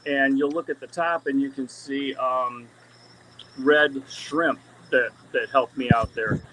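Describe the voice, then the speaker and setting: A man's voice: medium pitch, steady tone, slow pace, sharp tone, slight background noise, poor audio. A man breeding fish, chatting casually on a live video call as he tours his tanks, rambling with lots of ums and restarts. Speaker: fish breeder giving a tank tour. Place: indoor fish room among aquarium tanks. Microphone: camera mic on a live video call.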